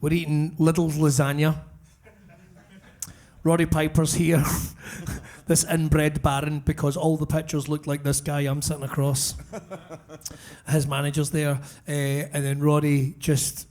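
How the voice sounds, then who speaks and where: A Scottish man co-hosting a live podcast, telling a comic story in front of a crowd, animated and swearing freely. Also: a little high, a little slow. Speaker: podcast co-host. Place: brewery event space with live audience.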